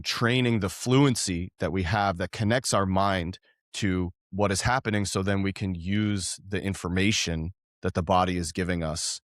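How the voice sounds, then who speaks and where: Low-voiced earnest man, dry sound. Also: no room sound. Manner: earnest, halting, with frequent restarts. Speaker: podcast guest. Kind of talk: reflective conversational storytelling.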